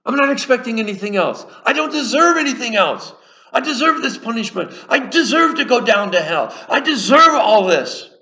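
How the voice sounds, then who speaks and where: A man's voice: extremely high pitch, big pitch swings, normal speed, pushed and bright, voice pushed up, exaggerated voice, poor audio. A man voicing a repentant thief dying on a cross, earnest and humbly pleading.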